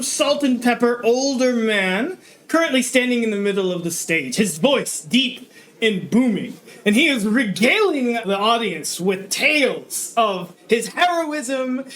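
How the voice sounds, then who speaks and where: A man narrating a tabletop game as game master, chatty and quick to laugh. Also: very high voice. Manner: animated, chatty, laughs often.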